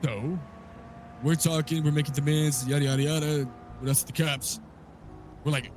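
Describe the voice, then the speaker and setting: A man recapping a wild story in character, swearing a lot and telling it with animated energy. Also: a little high, fairly quick, noisy background.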